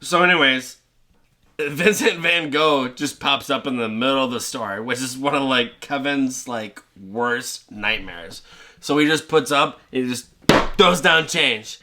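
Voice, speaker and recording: A man hosting a comedy show, retelling a holiday movie in a rowdy, profane way and breaking into shouted character voices. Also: mid-range voice, unhurried. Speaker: comedy podcast host.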